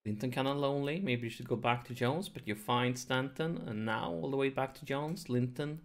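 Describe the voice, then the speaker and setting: A man hosting a let's play, commentating his football management game, nervous and excited, keeping his voice down at home late in the evening. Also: medium pitch. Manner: excitable, nervous, talks to viewers; deliberately holds his voice down to avoid waking neighbors.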